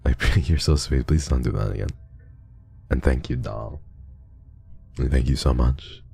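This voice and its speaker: A young man streaming and reading donations in a casual chat, soft and affectionate, sometimes teasing his viewers. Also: extremely low pitch, measured pace, creaky, breathy edge, soft background music.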